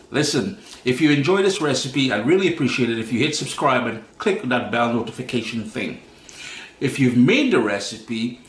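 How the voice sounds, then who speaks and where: A man from Trinidad and Tobago hosts a cooking show from his home kitchen, talking directly to viewers in a chatty, folksy way. His voice is mid-range, and the room sounds echoey.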